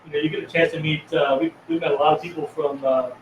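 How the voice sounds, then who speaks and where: A man's voice: on the high side, little pitch movement, fast talker, slight background noise. A man co-owning a haunted house, chatting casually on a live stream, rambling with many fillers and restarts. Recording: echoey room, far from mic, dull sound.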